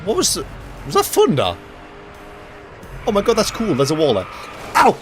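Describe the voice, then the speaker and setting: A young man streaming a racing game live, joking and talking to himself with excitable reactions. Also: high voice, normal speed. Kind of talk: live gaming commentary. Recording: loud game music behind voice. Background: racing game music and engine sounds.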